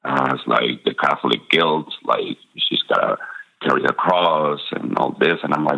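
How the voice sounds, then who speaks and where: A man's voice: very deep voice, moderate pace, creaky, bright, forceful tone. A middle-aged man from Spain with a Spanish accent, telling candid personal stories as a guest, full of fillers and small laughs. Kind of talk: personal storytelling. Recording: dull lo-fi sound.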